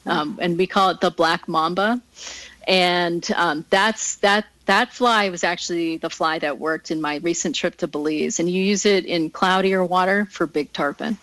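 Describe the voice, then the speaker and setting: A woman's voice: on the low side, normal speed, a bit bright, no echo, poor audio. Chatty woman with a dry close sound. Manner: chatty, laughs often, storytelling. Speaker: guest angler. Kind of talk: casual interview chat.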